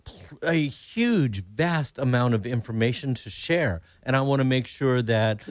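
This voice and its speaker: A man's voice: medium pitch, expressive, measured pace, no echo, studio quality. Earnest male radio interview host.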